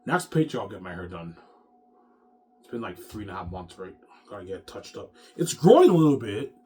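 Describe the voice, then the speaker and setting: A self-published author and vlogger speaks directly to his viewers in a rambling, repetitive rant, swearing often and circling back to the same points. His voice is deep and a little mellow, and he talks fairly quickly.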